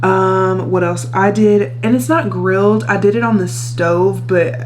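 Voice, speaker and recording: A woman's voice: medium pitch, measured pace, soft background music. A young adult woman, a nursing student, chatting casually to camera in a vlog and telling stories with lots of "like" fillers. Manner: chatty storyteller, frequent "like" fillers.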